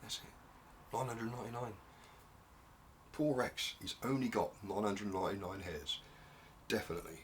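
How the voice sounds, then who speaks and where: A man in his sixties, from Australia, telling a long shaggy-dog joke, dropping low to build suspense and then rising into high mock wailing. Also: fairly even intonation, moderate pace, pauses often, a little hiss or hum. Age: 60s. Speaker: joke teller.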